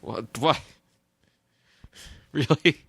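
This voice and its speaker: A man's voice: a little high, very slow, gravelly, a bit bright, slightly rough, no echo. A man co-hosting a podcast, reading a story aloud in a mock-solemn tone and chatting casually. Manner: reads aloud with mock solemnity, breaks into laughter. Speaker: podcast co-host. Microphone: close studio mic.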